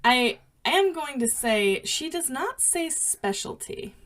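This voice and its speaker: A woman's voice: high-pitched, big pitch swings, slow, fairly bright tone. A woman hosting a podcast, opening the show and bantering with her co-host with frequent laughter. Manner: giggly, bantering. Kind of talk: casual chat.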